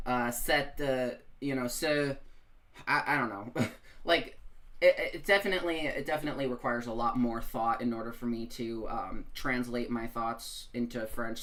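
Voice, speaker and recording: An American live streamer giving casual commentary, rambling and profane in an animated rant. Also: medium pitch. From United States.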